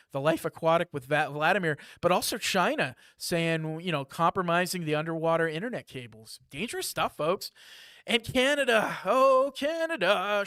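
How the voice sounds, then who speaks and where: A man hosting a live security news briefing, talking in a lively, chatty way with asides and jokes. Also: on the high side, no echo, studio quality.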